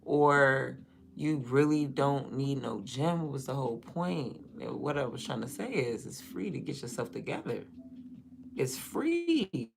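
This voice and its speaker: A young woman talks on her livestream in a low, deep voice. Her voice has a gravelly fry. She rambles in a blunt, profane, casual way. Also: a little hiss or hum. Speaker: livestream host.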